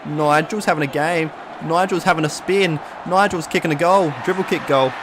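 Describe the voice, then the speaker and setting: A man's voice: fairly high pitch, moderate pace, noisy background. A man streaming live, giving chatty play-by-play commentary on a football video game and reading out viewer comments.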